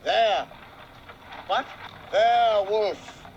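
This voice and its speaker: An actor playing a mischievous hunchbacked servant with a playful sing-song delivery, in a 1970s film comedy. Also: male voice, sits high, big pitch swings, moderate pace, highs cut off, a crowd in the background. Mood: cheeky. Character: mischievous hunchbacked male servant, cheeky joker.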